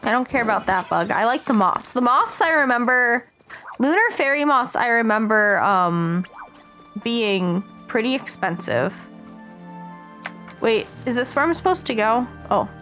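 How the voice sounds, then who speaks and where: An American woman streaming a game, chatting excitedly with her viewers as she plays. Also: fairly high pitch, unhurried, faint music behind. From United States. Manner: chatty, excitable, talks to chat while playing. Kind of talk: casual live-stream chat while gaming.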